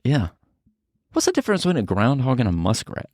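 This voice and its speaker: A man's voice: medium pitch, huge pitch swings, fairly quick, a little mellow, no room sound, clean studio sound. A man co-hosting a podcast in casual chat, reading notes aloud and stumbling and laughing over the words. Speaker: podcast co-host.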